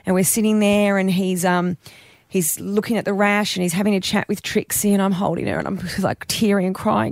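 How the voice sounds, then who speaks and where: A woman's voice: medium pitch, moderate pace, gravelly, dry recording. A middle-aged woman, hosting a casual radio chat and telling a story with lots of drama. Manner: animated storyteller, dramatic retelling. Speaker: radio host.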